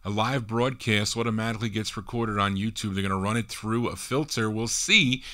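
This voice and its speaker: A man's voice: fairly low pitch, fairly quick, sharp tone. A man hosting a live oldies record show as DJ, chatting casually between songs with rambling asides. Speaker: radio DJ host.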